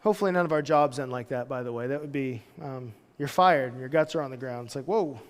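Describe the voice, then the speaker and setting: A man's voice: mid-range voice, fast talker, long reverb tail. A pastor in his thirties giving a casual, storytelling sermon, full of loose conversational asides. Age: 30s. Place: church hall.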